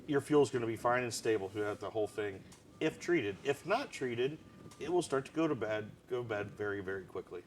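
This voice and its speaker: A man in the host's seat of a casual live broadcast, keeping things moving by quizzing his co-host. His voice sits at an ordinary middle pitch, with a little faint noise under it. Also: expressive, a little fast. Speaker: show host. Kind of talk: casual live-stream chat.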